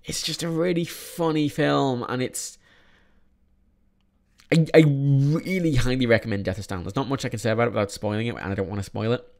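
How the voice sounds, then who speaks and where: A man's voice: mid-range voice, a little fast, gravelly, a little mellow. A young man casually reviewing films in a vlog, rambling with many restarts and frequent swearing. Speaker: film reviewer.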